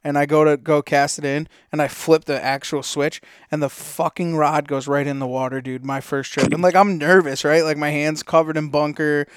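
A man's voice: on the high side, little pitch movement, moderate pace, hardly any pauses, clean tone, no room sound, studio quality. A man co-hosting a podcast, telling rambling casual stories packed with fillers and swearing. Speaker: podcast co-host. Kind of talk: casual storytelling.

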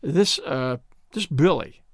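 A man voicing a soothing, fatherly suitor who speaks gently and a little haltingly. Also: high voice, sing-song, no room sound, clean studio sound.

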